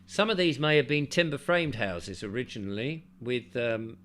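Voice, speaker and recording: A man's voice: medium pitch, moderate pace, slight background noise. A man reading a travel book aloud to listeners and breaking off for chatty asides. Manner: chatty, breaks off to comment, animated in the read passages. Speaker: audiobook reader and host. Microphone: desk mic with keyboard nearby.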